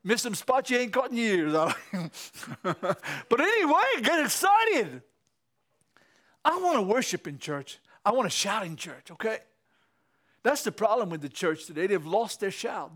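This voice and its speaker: A man preaching a sermon. He laughs often and swings from low storytelling to loud shouting exhortation. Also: normal speed.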